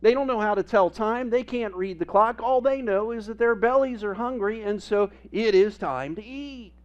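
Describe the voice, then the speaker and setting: A man preaching a sermon as pastor, telling family stories with humor and animated emphasis. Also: high voice, normal speed, clear, resonant tone, highs cut off. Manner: storytelling with humor, animated and lively.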